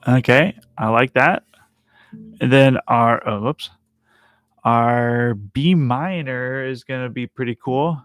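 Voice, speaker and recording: A man giving a casual live music lesson, chatty and self-amused, counting rhythms out loud as he works through a transcription. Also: medium pitch, slow pace, dry recording, clean studio sound. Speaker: music teacher transcribing a piano piece for bass.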